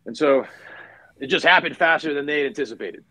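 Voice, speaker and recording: A man's voice: fairly high pitch, a little fast, bright, forceful tone, no room sound, rough recording. A middle-aged man, a retired Marine officer, telling a battle story in casual conversation, full of fillers and restarts.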